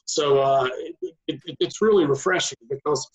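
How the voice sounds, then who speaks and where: A man hosting a podcast interview, talking haltingly and often repeating and restarting his words. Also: fairly high pitch, rough recording. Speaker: podcast host.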